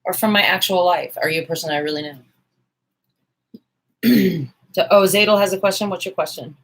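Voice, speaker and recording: Live-stream host, woman in her forties, husky and a bit low, rambling casual home chat while she works. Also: moderate pace, long pauses, fairly bright tone, low-quality recording. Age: 40s. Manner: chatty, self-mocking, talks to viewers while working. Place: home sewing room, indoors, fan running.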